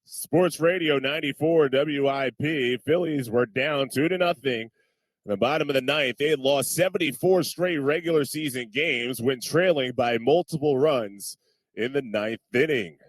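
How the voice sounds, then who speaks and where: A man anchoring a sports news roundup, reading scripted highlights in a brisk, even delivery. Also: no room sound.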